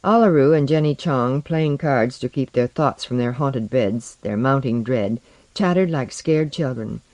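A narrator reading a science-fiction story aloud in measured storytelling. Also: mid-range voice, a little mellow, no echo. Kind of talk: audiobook narration.

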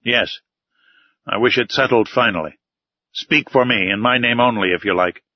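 A man reading the lines of a gruff, impatient male harpooner in an audiobook, blunt and exasperated. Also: medium pitch, moderate pace, no room sound, natural voice. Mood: insistent. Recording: slightly dull, dry recording.

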